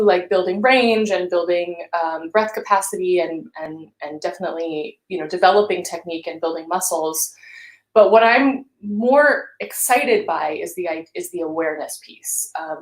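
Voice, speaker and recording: Encouraging female vocal coach, roomy sound. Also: on the low side. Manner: gentle, encouraging guidance with hums and sung syllables. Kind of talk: live-streamed vocal warm-up instruction. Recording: roomy echo.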